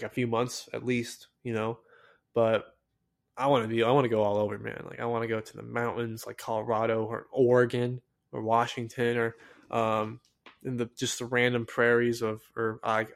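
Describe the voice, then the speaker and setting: A young man from the United States hosting a solo podcast, rambling excitedly with many fillers and restarts in a casual monologue. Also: mid-range voice. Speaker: podcast host.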